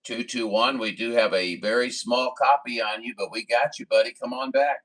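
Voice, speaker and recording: A man's voice: medium pitch, fairly even intonation, normal speed, a bit bright, rough recording. A man from Missouri running a CB radio stream, chatting in a folksy, rambling way with radio jargon. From Missouri, USA. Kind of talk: radio contact chat.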